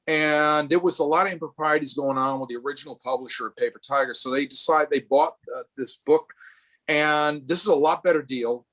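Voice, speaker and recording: A man's voice: fairly high pitch, a little fast, fairly bright tone. A middle-aged man from Rhode Island, speaking as a guest artist at a live artist event over a video call, rambling with many restarts and fillers.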